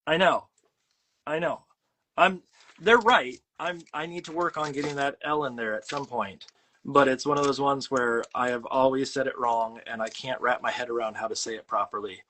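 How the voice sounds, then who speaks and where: A man's voice: mid-range voice, moderate pace, bright, forceful tone. Rambling self-deprecating man hosting a chat. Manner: rambling, self-deprecating, many fillers and restarts. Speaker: host. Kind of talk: casual chat while drawing.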